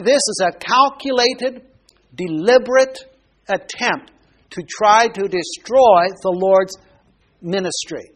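A man's voice: high voice, slightly rough. A man preaching a Bible sermon, explaining verses and asking his listeners questions. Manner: explanatory, asks the congregation questions. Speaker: pastor.

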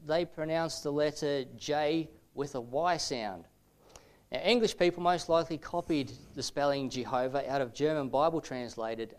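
A man with a slightly raised voice giving a lecture-style teaching talk. He explains things step by step at a measured pace, often filling pauses with "uh". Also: a little high. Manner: measured explanatory delivery with frequent "uh" fillers.

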